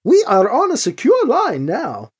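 The reader doing a chirpy high engineer. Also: huge pitch swings, a little slow, husky, heavily acted. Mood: cheerful. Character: eager, cheerful male engineer, upbeat.

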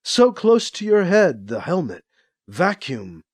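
A man voicing a sinister alien who slowly taunts a trapped man, repeating himself with creeping menace. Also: high voice, wildly swooping pitch, a little mellow, slightly rough, exaggerated voice. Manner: slow, creeping, repetitive menace.

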